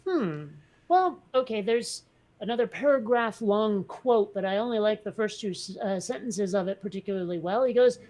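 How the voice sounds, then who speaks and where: A woman's voice: medium pitch, lively intonation, normal speed, a little mellow. A woman co-hosting a podcast in casual chat, blunt and wry, rambling through her thoughts. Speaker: podcast co-host.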